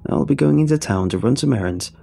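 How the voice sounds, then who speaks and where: Man doing a shrewd shriveled old woman, squawking, rambling, lively high voice. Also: fast, vocal fry, husky, faint music behind, exaggerated voice.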